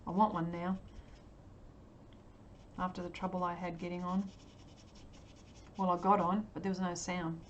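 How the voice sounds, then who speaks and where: A woman's voice: lowish voice, level tone, normal speed, long pauses, muffled recording, slight background noise. Chatty Australian woman full of ums. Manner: chatty and hesitant, many ums, laughs often. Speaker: livestream artist. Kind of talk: casual livestream chat while painting.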